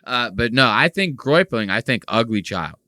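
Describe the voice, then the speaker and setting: A man's voice: mid-range voice, big pitch swings, normal speed, sharp tone, no echo, studio quality. A man hosting a casual podcast, talking in a crude, rambling, mocking way. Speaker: podcast host.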